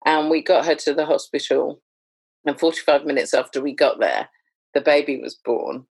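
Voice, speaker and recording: A woman, a doula, chatting as a podcast guest in a lively, humorous storytelling way. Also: deep voice, moderate pace, husky, no room sound. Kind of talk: conversational storytelling.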